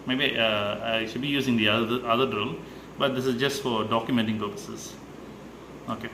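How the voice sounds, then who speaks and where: Man, mid-pitch, hesitant DIY vlogger narrating as he works, noisy home recording. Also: steady tone, moderate pace, bright, forceful tone. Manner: hesitant, many "uh" fillers, explains step by step. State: slightly out of breath. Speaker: DIY video maker. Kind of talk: casual how-to narration while working.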